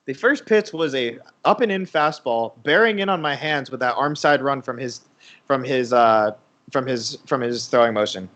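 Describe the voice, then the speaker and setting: A man's voice: medium pitch, moderate pace, fairly bright tone, muffled recording. A young man co-hosting a baseball watch party, rambling through a casual anecdote with lots of fillers. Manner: rambling storyteller, many fillers.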